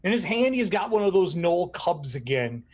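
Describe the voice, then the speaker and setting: Game master guy, kinda husky, pitch all over the place, high-ish. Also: moderate pace. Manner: animated, laughs often. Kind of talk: narrating a tabletop game.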